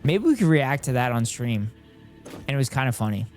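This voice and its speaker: Male streamer in his thirties, mid-pitched, loose and chatty, joking at his own expense. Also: big pitch swings, brisk, a little mellow, faint music behind. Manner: chatty, reads chat aloud, self-deprecating. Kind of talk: casual live-stream chat.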